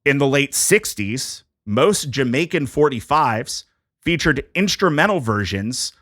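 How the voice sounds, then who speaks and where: A man's voice: mid-range voice, sing-song, unhurried, fairly bright tone, no echo, studio quality. A man hosting a casual podcast, presenting a music history topic from prepared notes in a jokey, conversational way.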